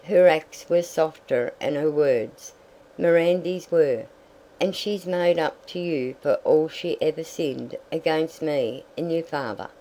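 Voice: medium pitch, slow, mellow, rough recording. A reader voicing a stoic, plain-spoken farm mother in an audiobook, firm and direct. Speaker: story character. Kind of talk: audiobook reading.

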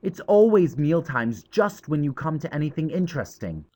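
A man's voice: fairly high pitch, sing-song, moderate pace, dark tone, voice pushed up. A man reading an audiobook voices an impatient, thoughtful schoolboy. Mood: grumbling. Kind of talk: audiobook character voice.

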